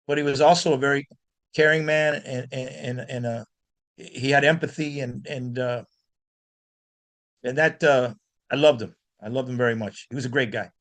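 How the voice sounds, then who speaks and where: A man from Miami, a guest blues guitarist, telling animated stories in an interview with frequent restarts. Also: mid-range voice, moderate pace. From Miami, United States. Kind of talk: storytelling in an interview.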